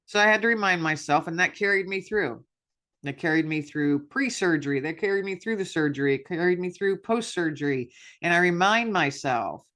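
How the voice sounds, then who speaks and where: Brief: woman podcast host, candid self-deprecating monologue, bright forward tone. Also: fairly low pitch, expressive, fairly quick. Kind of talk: personal reflection monologue.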